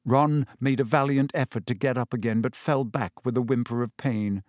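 A man giving an expressive, deliberate audiobook narration. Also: mid-range voice, no echo, studio quality.

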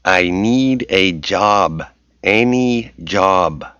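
A man's voice: low-pitched, expressive, moderate pace, a bit bright, no echo, heavily acted. A man reading a brazen young man in disguise who talks casually and draws out his vowels. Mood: drawling. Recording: dull lo-fi recording.

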